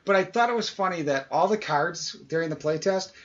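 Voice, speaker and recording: Heard through dull lo-fi audio, a podcast co-host with a high-pitched voice speaks a little fast. He animatedly tells a long casual anecdote, acting out what people said.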